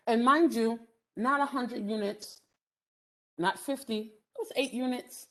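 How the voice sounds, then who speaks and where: Lively middle-aged woman telling a story. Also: on the high side, measured pace. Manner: animated, laughs often, many "um" fillers. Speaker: housing development speaker. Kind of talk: storytelling lecture.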